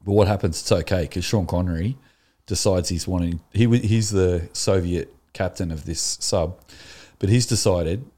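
A man's voice: sits low, moderate pace. A man, co-hosting a casual podcast chat and telling things with enthusiasm. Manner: enthusiastic, animated storytelling. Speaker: podcast co-host.

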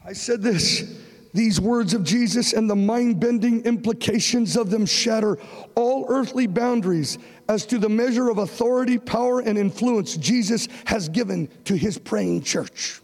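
A man preaching a sermon with passion, his voice surging up to shouts. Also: sits high, normal speed. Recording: long reverb of a large hall.

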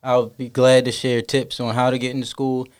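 A man's voice: mid-range voice, monotone, normal speed, darkish tone, clear, resonant tone. A young man, a podcast guest, talking casually and earnestly, giving encouraging advice in a rambling way. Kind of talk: casual chat.

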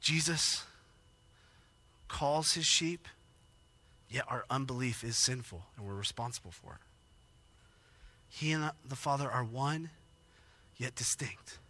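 A man preaching a sermon, emotional and animated, acting out quoted lines with rising intensity. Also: mid-range voice, takes it slowly, long pauses. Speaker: pastor.

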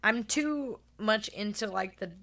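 A woman's voice: medium pitch, unhurried, a crowd in the background. A young woman co-hosting a podcast, giggly and self-deprecating in casual chat.

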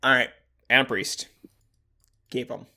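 Podcast host, male, gravelly bright voice, calls out names briskly. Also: mid-range voice. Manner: reads out names and keeps the vote moving. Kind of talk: casual chat.

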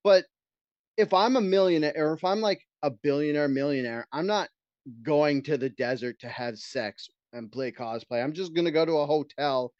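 Guy ranting on a podcast, cussing a lot, kinda high voice, dry close sound. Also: moderate pace, darkish tone, no echo, muffled recording. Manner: profane, ranting storyteller. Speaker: podcast co-host. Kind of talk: casual chat.

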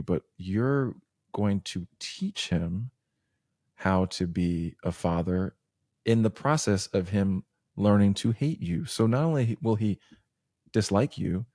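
Male performer as a level-headed mom talking sense into dad; low, mellow, close and dry. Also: a little slow, no echo. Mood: reasoning. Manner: patient, reasoning, level. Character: calm mother reasoning with her husband. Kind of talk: role-play in casual chat.

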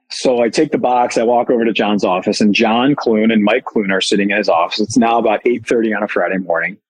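A husky-voiced man telling a story on a podcast, animated and candid. His voice has a breathy rasp at a middle pitch. He pokes fun at himself as he talks. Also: low-quality recording. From Chicago. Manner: animated, candid, self-deprecating. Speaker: guest, company founder. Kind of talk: casual storytelling.

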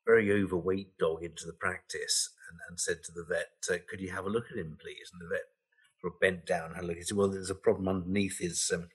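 A man hosting a podcast, jokey and quick to laugh. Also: low-pitched, fairly even intonation, slightly rough. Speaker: podcast host. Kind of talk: casual podcast chat.

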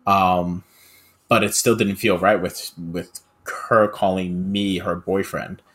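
A podcast speaker in casual conversation, talking in a halting, reflective way with frequent "you know". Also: male voice, low voice, little pitch movement, a bit bright.

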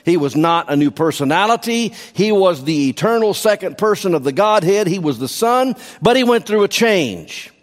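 A man's voice: high voice, animated, moderate pace, few pauses. A man preaching a sermon as pastor, emphatic, repeating key phrases for stress. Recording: long hall reverb.

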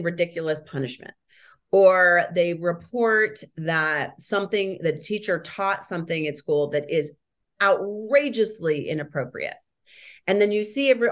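A woman answering interview questions about schools and parenting, explaining with emphasis and shifting between quick bursts and slow stresses. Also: fairly low pitch.

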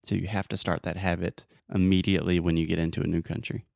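Deep-voiced American man giving friendly advice. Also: flat delivery, fast, gravelly, a little mellow, no room sound, studio quality. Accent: Southern American. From United States. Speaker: host. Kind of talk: casual advice chat.

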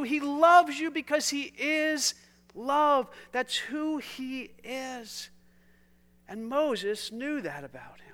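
A passionate male pastor preaching with a very high, bright, ringing voice. He pushes hard on key lines, then drops to a hush that is nearly a whisper. His delivery stays earnest and urgent. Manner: passionate, swings from loud emphasis to hushed near-whispers. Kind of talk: sermon.

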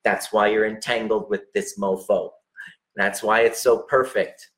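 A man's voice: fairly low pitch, fairly even intonation, a little slow, fairly bright tone. A man giving blunt relationship coaching, talking directly to the listener, emphatic and peppered with swearing. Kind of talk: direct unscripted coaching talk.

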